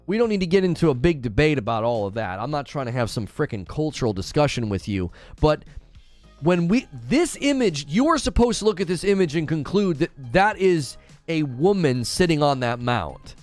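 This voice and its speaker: A man hosting a gaming channel, chatting casually with a live audience in an animated, ranting way and stumbling over hard names. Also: fairly high pitch, moderate pace, soft background music. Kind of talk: casual live-stream chat, reading viewer comments.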